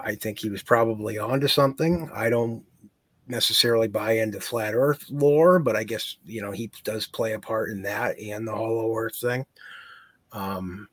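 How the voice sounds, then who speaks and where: A man co-hosting a podcast, speaking in a measured, casual way with fillers like "you know" and "uh.". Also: lowish voice, a bit bright, no room sound. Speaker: podcast co-host. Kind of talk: casual conversational chat.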